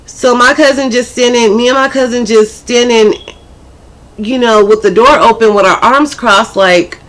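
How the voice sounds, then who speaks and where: A woman's voice: fairly high pitch, normal speed. A woman vlogger casually telling a personal story, chatty and full of profanity. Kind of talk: storytime vlog.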